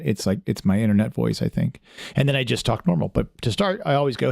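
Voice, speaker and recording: A man hosting a casual podcast with a gravelly voice of ordinary pitch. He talks in a friendly, rambling way, full of fillers and restarts. The recording is dry, with no room sound. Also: animated, fast, a little mellow, dry recording. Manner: friendly, chatty. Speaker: podcast host.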